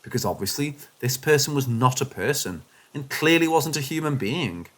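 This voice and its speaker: A man narrates scripted paranormal stories at normal speed with a lively pitch. His storytelling is expressive, his pitch shifting as the suspense builds.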